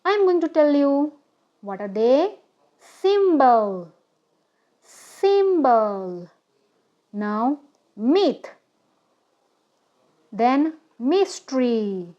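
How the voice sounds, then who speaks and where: Slow, high-pitched woman teaching phonics. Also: big pitch swings, dark tone, highs cut off. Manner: slow, deliberate, often asks "okay?". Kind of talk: children's phonics lesson.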